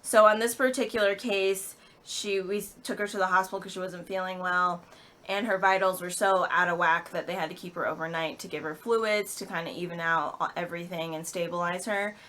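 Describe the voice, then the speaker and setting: A young woman in her twenties, a vlogger, telling an emotional personal story with halting speech and many fillers. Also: on the low side, steady tone, a bit bright.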